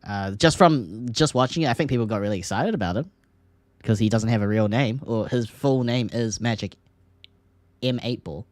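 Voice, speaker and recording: Excitable Australian man on a podcast. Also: moderate pace, no room sound. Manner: excitable, laughs often, pitch jumps when hyped. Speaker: podcast co-host. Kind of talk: casual esports podcast chat.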